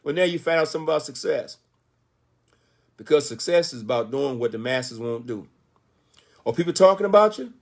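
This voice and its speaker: A man's voice: on the high side, animated, a little fast, long pauses. A man in his sixties giving a motivational speech, telling his story with emphatic rhetorical questions. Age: 60s. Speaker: motivational speaker.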